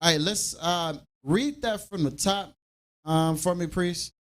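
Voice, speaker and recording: A man leading a scripture class in an animated preaching style, acting out everyday dialogue to make his points. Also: high-pitched, a little slow.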